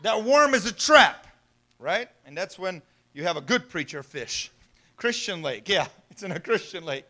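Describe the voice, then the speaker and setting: A male pastor preaching with a strikingly high, bright voice. He keeps it conversational, tossing rhetorical questions to the congregation and chuckling along the way. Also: sing-song, normal speed. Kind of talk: sermon.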